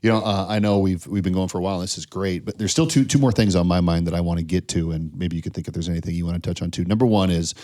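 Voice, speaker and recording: Low-voiced, quick-talking male podcast host. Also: steady tone, dark tone. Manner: thinks aloud with restarts, sets up questions. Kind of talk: casual interview.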